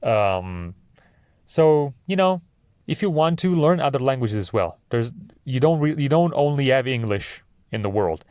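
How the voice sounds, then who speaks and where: A young man, talks off the cuff as a podcast host in a middle-pitched voice. He rambles and hesitates with lots of ums and uhs, and he swears freely. The sound is dry and close, with no room echo. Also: animated, measured pace, a little mellow. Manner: meandering, hesitant with many fillers, profane. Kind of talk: casual rambling monologue.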